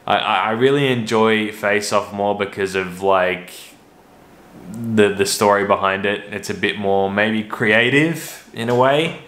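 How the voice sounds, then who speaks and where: A man with a deep, low voice hosts a casual movie review vlog. His tone is bright and forceful, but his talk rambles, with stops and restarts along the way. The room around him rings with noticeable echo. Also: a little slow. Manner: rambling, hesitant, many restarts. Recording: roomy echo.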